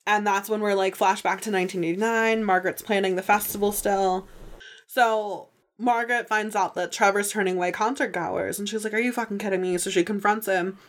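A woman talking through a TV episode on a podcast, chatty and easily excited. She peppers her talk with "like" and slips into quick impressions of the characters. Her voice sits at an ordinary middle pitch. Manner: chatty and excitable, heavy use of "like", acts out characters' lines. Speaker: podcast host. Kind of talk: casual TV episode recap.

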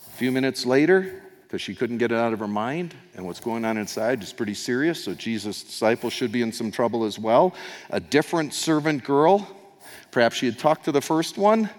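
A man's voice: mid-range voice, animated, brisk. A man preaches a sermon with a middle-range voice, retelling the story in an easy, conversational way. He acts out the quoted lines and drops into little asides. His words ring on in a long hall reverb, as in a church sanctuary. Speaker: pastor.

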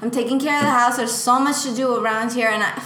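A woman playing an anxious, doting mother in an improvised comedy scene, fussing and breaking into sudden high-pitched outbursts. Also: steady tone, quick pace, echoey room, background noise, natural voice. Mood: weary. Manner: fretful, fussing, exclaims in sudden high bursts. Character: doting, anxious middle-aged mother, easily upset.

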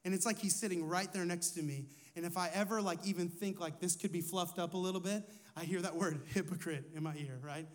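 A man's voice: sits high, steady tone, a little fast, hardly any pauses. A man who is a lead pastor, preaching a sermon in a conversational way, asking his listeners questions and telling personal stories.

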